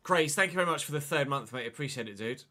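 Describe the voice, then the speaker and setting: A young man calling his own football game on a live stream. He talks in a bright, forceful tone, pitched a touch high, and keeps up a chatty running patter with viewers between moves. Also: lively intonation, quick pace. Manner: chatty, thanks viewers by name between plays. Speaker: gaming streamer.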